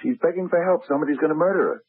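A man's voice: on the high side, rapid-fire, slightly rough. An actor playing a frightened, bewildered middle-aged man who stammers and mutters to himself in a 1970s radio drama. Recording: tinny old radio broadcast.

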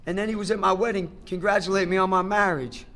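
A man's voice: sits high, steady tone, fast talker, pushed and bright. A middle-aged man speaking at a recovery meeting, giving a personal testimony in an emphatic, conversational way, repeating phrases for effect and talking straight to the crowd.

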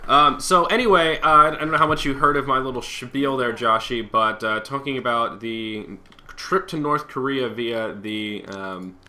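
A man's voice: mid-range voice, normal speed, sharp tone. A young man co-hosting a casual online show, rambling in a laid-back way with lots of fillers while he plays a game. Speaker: podcast co-host. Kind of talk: casual chat while gaming.

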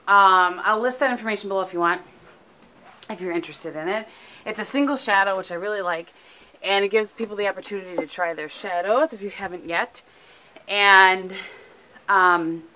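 A middle-aged American woman vlogs casually from home, recorded on a camera mic, sounding tired and sleepy. Her mid-range voice is pushed and bright, and she rambles chattily with lots of ums.

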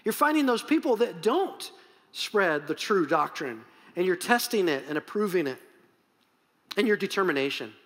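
A middle-aged man preaching a sermon as pastor, in a conversational, animated way with many asides. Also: sits high, moderate pace, in a large hall.

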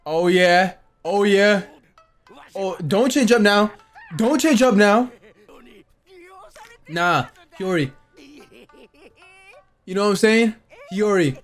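A man hosting an anime reaction channel, giving live reaction commentary in excitable outbursts full of swearing and shouting. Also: high voice, slow, long pauses, faint music behind. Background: faint anime soundtrack playing.

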